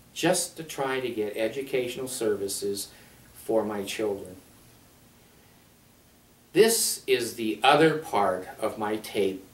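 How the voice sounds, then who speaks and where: An angry man telling a story as a rant, profane and animated, jumping from loud outbursts to low asides. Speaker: video blogger. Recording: echoey room, far from mic.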